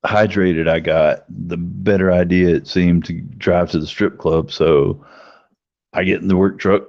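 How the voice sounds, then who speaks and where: With vocal fry and a slightly mellow, steady tone at a measured pace, a middle-aged livestream host rambles through a long, profane tale, pitching up for quoted lines. Faint music plays behind him, with no room sound, in a dry, slightly dull lo-fi recording.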